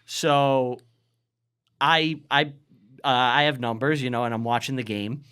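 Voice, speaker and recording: A man's voice: mid-range voice, fairly even intonation, takes it slowly, a bit bright, clear, resonant tone. Profane storytelling man from Staten Island. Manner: rambling, profane, acts out quotes. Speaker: guest storyteller. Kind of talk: casual podcast storytelling.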